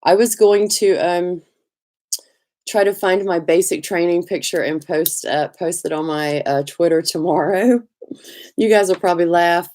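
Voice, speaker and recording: A middle-aged woman with a Southern US accent hosting a casual live chat, talkative and quick to laugh, greeting viewers by name. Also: lowish voice, darkish tone. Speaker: livestream host.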